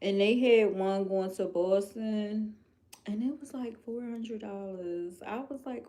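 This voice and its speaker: A woman's voice: medium pitch, slow pace. A woman with a Philadelphia accent on a livestream, chatting casually and expressively while reading viewer comments aloud. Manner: chatty, expressive, addresses viewers as "y'all" and "girl". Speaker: livestream host.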